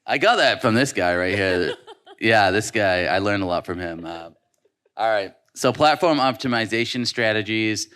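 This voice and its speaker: Low-voiced man talking casually on a panel. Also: animated, fairly bright tone, clear, resonant tone. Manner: conversational, quick hooks, many fillers and restarts. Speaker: conference panelist. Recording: live conference session.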